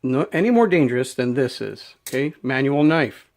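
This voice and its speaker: A man's voice: medium pitch, lively intonation, normal speed, darkish tone. A man ranting unscripted to camera as a knife vlogger, emphatic and rambling, often repeating his words. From Canada.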